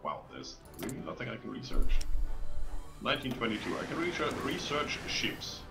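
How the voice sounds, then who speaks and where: A man's voice: mid-range voice, sing-song, normal speed. A man co-hosting a strategy game livestream, reacting and exclaiming at what happens on screen. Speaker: co-host of a gaming stream. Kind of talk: casual gaming livestream chat. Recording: game music clearly audible behind.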